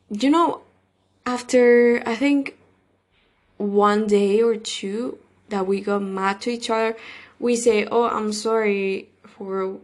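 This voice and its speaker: Rambling woman podcast host. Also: mid-range voice. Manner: rambling, filler-heavy, loose grammar. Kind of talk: casual solo podcast monologue.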